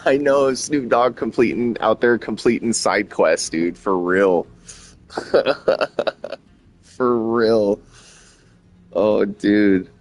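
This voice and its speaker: A man streaming and chatting casually, rambling and swearing a lot as he gets excited. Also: fairly low pitch, slow pace. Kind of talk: casual chat.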